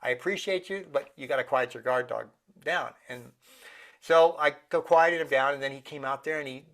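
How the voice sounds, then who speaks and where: A man's voice: medium pitch, normal speed, a bit bright. A middle-aged man speaking earnestly in a casual interview, now and then acting out the voices of people he quotes. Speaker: guest, meditation teacher.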